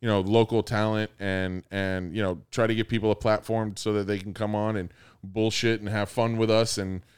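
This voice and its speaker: A man's voice: fairly low pitch, flat delivery, moderate pace, clear, resonant tone. A man co-hosting a podcast in casual chat, rambling and cursing, with lots of restarts and fillers. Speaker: podcast co-host.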